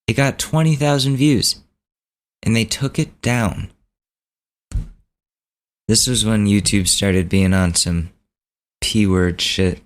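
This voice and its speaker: A podcast host telling a story in a low, unhurried voice. He rambles easily from one point to the next in a relaxed, casual way.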